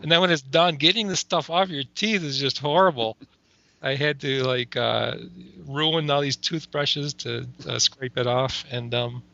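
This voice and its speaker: Very bright-voiced man, laughing and chatty. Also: medium pitch, a little slow, creaky, no echo, lo-fi sound. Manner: laughs often, rambling with many fillers. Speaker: comedy video maker, guest. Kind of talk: casual interview chat.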